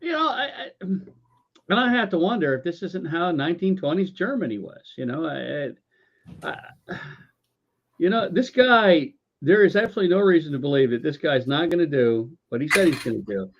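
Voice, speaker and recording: High-voiced guy stammering thru a sweary sarcastic rant, muffled lo-fi audio. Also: animated, normal speed. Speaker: podcast co-host. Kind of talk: casual political rant. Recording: dull lo-fi audio.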